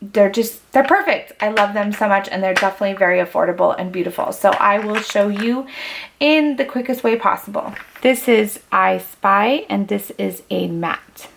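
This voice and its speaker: A woman's voice: mid-range voice, normal speed, vocal fry, a little hiss or hum. A young woman showing her makeup collection in a casual beauty vlog, gushing over each shade as she names it. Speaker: beauty vlogger.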